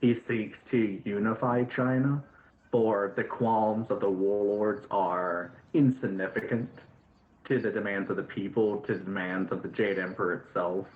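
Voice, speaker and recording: A man's voice: lowish voice, fairly even intonation, moderate pace. A man running a tabletop game as dungeon master, narrating casually with many fillers. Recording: echoey, phone-like sound.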